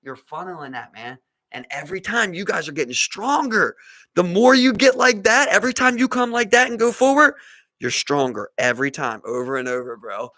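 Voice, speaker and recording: A man's voice: high voice, brisk. A man from Baltimore with a local accent, co-hosting a podcast in rambling casual chat, saying "bro" a lot and swearing. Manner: animated, says "bro" often, swears, rambling. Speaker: podcast co-host.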